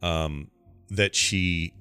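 A man co-hosting a casual podcast, telling rambling stories in a lively, animated way. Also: deep voice, drawn-out words, clean tone, soft background music. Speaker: podcast co-host. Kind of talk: casual chat.

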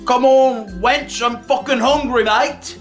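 A man's voice: very high-pitched, fairly even intonation, slow, soft background music, pitched above the performer's own voice. A man doing a crude Aussie bloke. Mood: brash. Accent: put-on Australian. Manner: brash, swearing, shouting at the game. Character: crude, loud Australian straight guy on a date.

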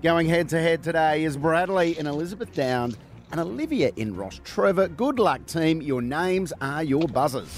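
A man's voice: fairly high pitch, animated, moderate pace. Jokey male radio host. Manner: jokey, self-mocking. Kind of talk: casual radio banter.

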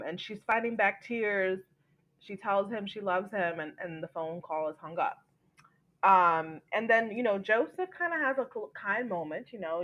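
A woman's voice: medium pitch, poor audio. Woman retelling a TV episode. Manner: animated storytelling, acts out quotes. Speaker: podcast host. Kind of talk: casual episode recap.

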